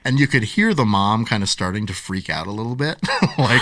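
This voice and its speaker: A man's voice: medium pitch, moderate pace, no room sound. A man in his forties, a podcast guest, telling a story in a casual interview, acting out the voices of the people in it and laughing often. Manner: animated storyteller who acts out quotes and laughs often. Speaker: podcast guest, author and speaker.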